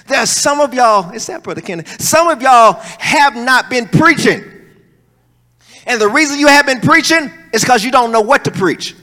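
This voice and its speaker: A male preacher, preaching a sermon and swinging between soaring calls and low, joking asides. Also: lively intonation, moderate pace, sharp tone. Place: church hall. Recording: long hall reverb.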